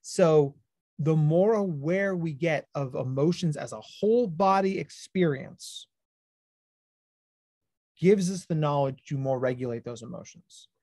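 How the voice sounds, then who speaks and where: A man presenting an educational webinar as a clinical psychologist, talking with high energy. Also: measured pace, warm tone, dry recording, studio quality.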